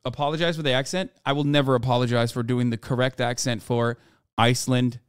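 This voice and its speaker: A man's voice: mid-range voice, little pitch movement, fairly quick, clean tone, no room sound, studio quality. A man streaming live and reacting with profane, incredulous, joking commentary. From United States.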